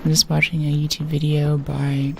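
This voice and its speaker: A woman chatting softly during a live gaming stream in an ASMR style, often dropping into a whisper and toying with words. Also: sits low, completely flat delivery, moderate pace, vocal fry, a little hiss or hum. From United States. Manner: soft, often slipping into a whisper, playful. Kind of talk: soft-spoken ASMR gaming stream chat.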